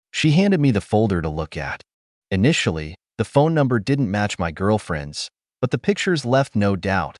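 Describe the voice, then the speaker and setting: A man reading a first-person story aloud as scripted narration, in a steady, even-paced storytelling manner. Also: on the low side, dry recording, studio quality.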